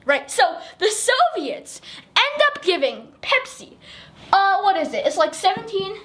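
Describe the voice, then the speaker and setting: A young woman with a very high-pitched voice talks through a history story in a loose, offhand way. She rambles, restarts and corrects herself, and giggles now and then as she points at pictures. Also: sing-song, unhurried, fairly bright tone. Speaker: presenter explaining history. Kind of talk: casual explainer over on-screen pictures.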